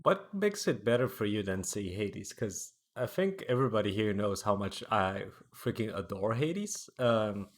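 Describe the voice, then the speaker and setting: A man's voice: on the low side, expressive, normal speed, hardly any pauses. A man hosting a casual podcast, talking eagerly and asking his guests questions. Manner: eager, talkative, asks questions. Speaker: podcast host. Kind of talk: casual chat.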